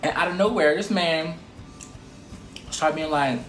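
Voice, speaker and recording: A young man vlogging a casual storytime, animated and profane, with laughing asides. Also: fairly high pitch, measured pace, soft background music. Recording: roomy echo.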